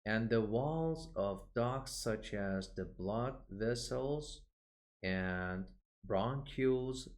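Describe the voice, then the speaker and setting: Slow, low-voiced man teaching terms. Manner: repeats each term slowly for pronunciation; explanatory, with frequent "uh" fillers. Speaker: English vocabulary teacher. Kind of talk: recorded online lesson.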